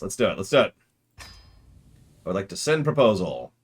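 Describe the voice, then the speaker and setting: A joking, chatty man streaming a strategy game, his lowish voice swinging lively up and down as he reacts. Faint music plays behind him. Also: fairly quick, pauses often. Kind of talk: casual gameplay commentary.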